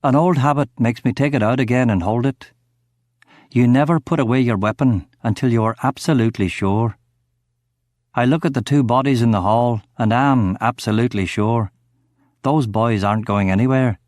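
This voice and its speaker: A man narrates a crime thriller in the first person. His delivery is terse and clipped, with a tense edge. His voice sits in an ordinary middle pitch, and the recording is dry and close with no room sound. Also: normal speed, darkish tone, dry recording. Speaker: audiobook narrator.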